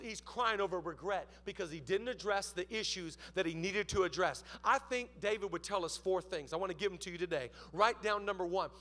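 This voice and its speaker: A man preaching a sermon as pastor, telling stories with lively, acted-out voices. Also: sits high, a little fast, few pauses. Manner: animated storytelling, acts out voices.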